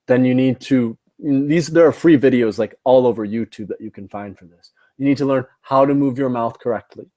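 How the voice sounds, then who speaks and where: A man's voice: mid-range voice, warm tone. A man teaching a live online class, explaining points step by step and checking in with "right?" and "okay?". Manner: instructive, repeats points, asks "right?" and "okay?". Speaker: TOEFL teacher.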